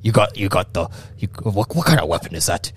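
A man voicing an excitable, boastful male warrior comrade in a tabletop game. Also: low-pitched, fairly quick, slight background noise. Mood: curious.

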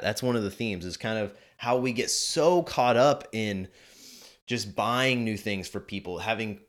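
A man in his twenties giving chatty movie commentary, animated and quick to laugh. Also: lowish voice. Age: 20s. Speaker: video host.

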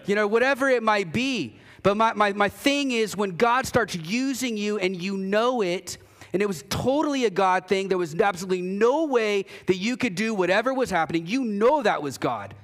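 A pastor preaching a sermon in a church, talking conversationally and emphatically, acting out quoted voices, with frequent restarts. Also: male voice, high voice, fairly quick, fairly bright tone. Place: church sanctuary.

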